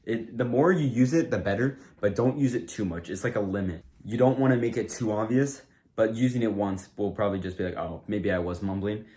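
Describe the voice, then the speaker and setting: A man with a fairly low voice talks loosely to the camera, handing out tips. He rambles, leans on "like" and keeps restarting his sentences, and the tone stays casual throughout. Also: brisk, warm tone. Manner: rambling, filler-heavy, lots of "like" and restarts. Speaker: comedy video creator. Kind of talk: casual talk-to-camera advice.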